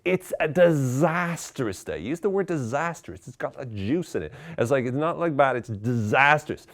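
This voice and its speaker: A man's voice: mid-range voice, lively intonation, moderate pace, a bit bright. A man giving mock-serious, tongue-in-cheek self-help advice in a conversational, ironic way.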